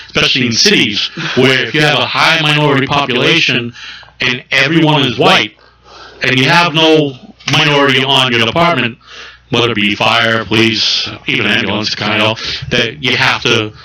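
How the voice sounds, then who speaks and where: A man's voice: medium pitch, moderate pace, bright, forceful tone. A male podcast co-host in casual chat who explains at length and swears freely. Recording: echoey room.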